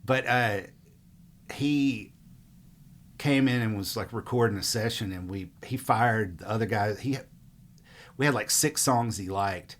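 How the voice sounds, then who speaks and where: A middle-aged musician, talking in a loose, rambling interview style. His voice sits a little low, and he leans on fillers as he wanders through his stories. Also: a little slow, long pauses. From Mississippi. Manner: relaxed, rambling, frequent fillers. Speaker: musician guest. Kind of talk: casual interview storytelling.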